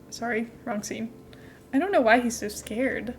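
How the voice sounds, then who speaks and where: A young adult woman streaming a game from home, chatting in a rambling, casual way and cooing softly at her cat now and then. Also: a little high, moderate pace, slight background noise. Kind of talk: casual live-stream chat while gaming.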